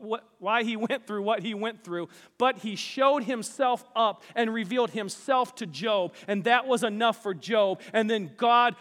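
Energetic high-voiced male pastor preaching. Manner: energetic, calls out to the congregation. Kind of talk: sermon. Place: church sanctuary. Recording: long hall reverb.

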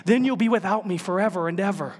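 A man doing a quick, wheedling lizard. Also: high voice. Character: small chattering red lizard, wheedling and sly. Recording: long church reverb.

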